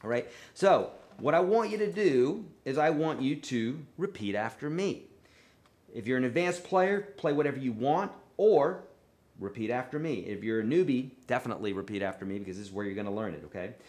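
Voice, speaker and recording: A man teaching a live online guitar lesson, coaching in a relaxed, repetitive way and checking in often with the viewers. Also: medium pitch, brisk. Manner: relaxed, repetitive coaching with frequent "okay?" and "right?".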